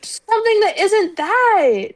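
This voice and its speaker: A woman co-hosting a casual podcast chat, ranting in an animated, exasperated way and swearing freely. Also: very high voice, a little slow. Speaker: podcast co-host.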